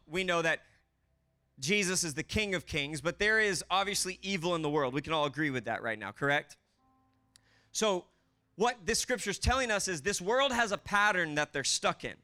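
A man's voice: sits high, sharp tone, clean tone. A man preaching a sermon as pastor to a church congregation, emphatic, acting out prayers in the first person.

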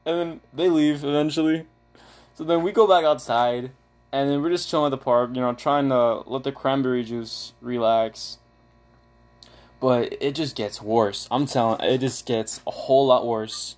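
A young man casually telling a funny story to friends, animated and laughing, acting out quoted lines. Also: medium pitch, unhurried.

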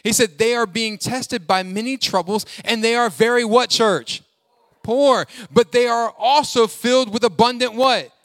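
A man preaching a sermon as pastor, animated and joking, calling on the congregation to finish his lines. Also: very high voice, measured pace, no room sound. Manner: call-and-response preaching, asks congregation to fill in words; animated, jokes and laughs, sings snatches.

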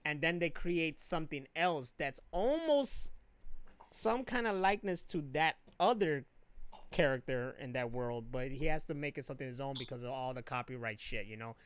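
A man's voice: normal speed, clear, resonant tone. A man chatting casually on a podcast, telling stories animatedly and swearing freely. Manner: animated storyteller, swears freely, mimics others in high voices. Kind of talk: casual chat.

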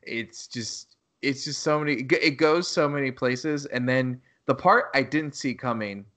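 A man's voice: medium pitch, moderate pace, bright, forceful tone. A man co-hosting a podcast, talking in a loose, rambling way with plenty of swearing, and acting out lines in a raised voice. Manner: rambling, profane, laughs at own quotes. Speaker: podcast co-host. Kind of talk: casual podcast chat.

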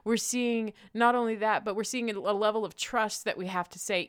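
A woman's voice: medium pitch, steady tone, fairly quick, clear, resonant tone, no echo. Emphatic woman podcast host, dry sound. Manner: emphatic, preachy, encouraging. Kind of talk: faith-based podcast conversation.

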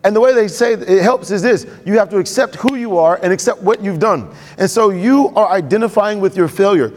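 A man preaching a sermon, talking conversationally and quickly and asking the congregation questions. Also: high-pitched, a little mellow. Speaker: pastor. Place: church sanctuary. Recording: long reverb of a church hall.

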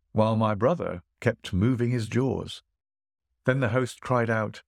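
A man narrating a classic tale in a measured, expressive reading. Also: fairly low pitch, dry recording, clean studio sound. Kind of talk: audiobook storytelling.

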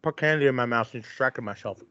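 A man's voice: medium pitch, fast, bright, forceful tone, muffled recording, slight background noise. A man co-hosting a podcast, chatting in an easygoing, chuckling way. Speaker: podcast co-host. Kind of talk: casual podcast chat.

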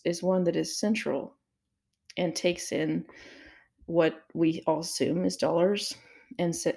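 A woman's voice: on the low side, vocal fry, mellow. A woman giving a casual solo commentary, thinking aloud with fillers and restarts and asking herself rhetorical questions. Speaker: crypto commentator.

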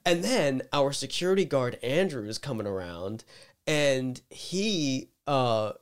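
Young man telling a story, animated. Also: medium pitch, slow pace, smooth. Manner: animated, acts out quotes loudly, swears a lot. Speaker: podcast co-host. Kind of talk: casual storytelling chat.

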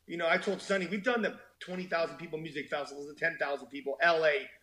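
An animated man telling stories as a podcast guest, acting out the voices of people he quotes. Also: fairly high pitch, fast talker. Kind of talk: casual conversation.

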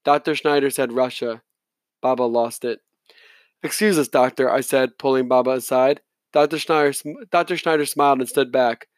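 A man's voice: mid-range voice, fairly even intonation, brisk, no room sound, clean studio sound. A man narrating a novel in the first person, reading plainly with the odd slip and restart. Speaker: audiobook reader.

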